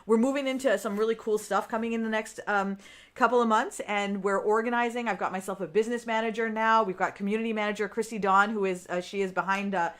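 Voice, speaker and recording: A woman's voice: medium pitch, steady tone, quick pace, fairly bright tone. A woman business coach chatting live on her podcast to her viewers, often tagging "right?" onto her points. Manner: chatty, keeps asking "right?"; talks straight to her viewers. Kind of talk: live-streamed podcast chat.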